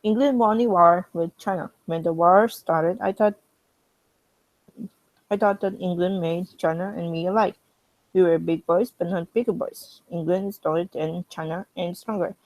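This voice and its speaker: A woman's voice: on the low side, moderate pace, no echo, poor audio. A woman reading a fan story aloud with a strained throat, breaking off now and then for chatty asides to viewers. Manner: steady, chatty asides between passages. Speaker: fan reading fanfiction in character.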